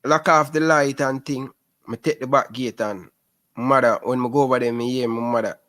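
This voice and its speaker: A man in his twenties with a Jamaican Patois accent, a guest telling lively stories in a casual interview. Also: mid-range voice, normal speed. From Rema, Jamaica. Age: 20s. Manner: lively storyteller who keeps calling the host "sis".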